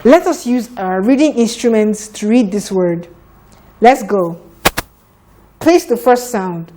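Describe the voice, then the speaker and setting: Slow-spoken woman teaching children phonics. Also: mid-range voice, expressive, warm tone, a little hiss or hum. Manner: slow, deliberate, sounds out letters.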